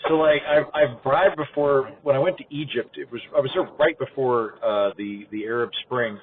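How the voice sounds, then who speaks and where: A man riding as a passenger, telling anecdotes in a quick, animated way as a podcast guest. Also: mid-range voice, very noisy. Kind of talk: casual storytelling in a car. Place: inside a car, passenger seat. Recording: tinny phone-like car recording.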